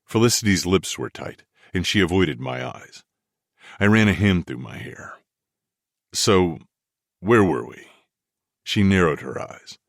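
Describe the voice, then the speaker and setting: Male audiobook narrator, low and expressive, dry close sound. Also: a little slow, pauses often, no room sound. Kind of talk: first-person romance audiobook narration.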